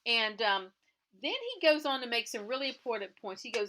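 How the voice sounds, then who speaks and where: A woman's voice: a little high, big pitch swings, moderate pace, pushed and bright, a little hiss or hum. A woman who resells clothing, chatting through a TV episode recap and acting out the characters' lines as she retells them.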